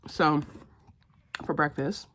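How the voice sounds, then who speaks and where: A chatty woman talks through her day in a relaxed vlog, laughing often. Her voice sits low for a woman. She teases her dog in a playful, scolding way. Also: takes it slowly, slight background noise. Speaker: vlogger. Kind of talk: casual vlog chat.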